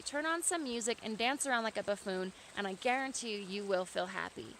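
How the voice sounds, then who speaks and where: Outdoors in nature, a woman vlogger reflects earnestly to the camera in a mid-range, slightly bright voice. She talks a little fast with few pauses, sometimes building to emphatic bursts, and there's slight background noise.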